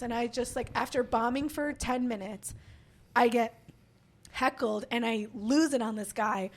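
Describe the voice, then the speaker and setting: A woman stand-up comedian from Chicago chatting on a podcast, telling animated stories, swearing freely and acting out what people said. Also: fairly high pitch, a little slow. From Chicago, USA. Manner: animated storyteller, swears freely, acts out quotes. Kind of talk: casual podcast chat.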